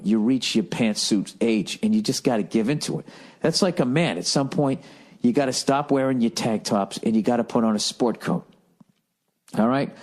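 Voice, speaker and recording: An American man talks alone into a podcast mic, swearing constantly and ranting with a sarcastic edge. His pitch jumps around a lot as he riffs, and the pacing of his talk stays conversational. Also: a little mellow. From United States. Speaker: podcast host. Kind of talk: solo comedy podcast monologue.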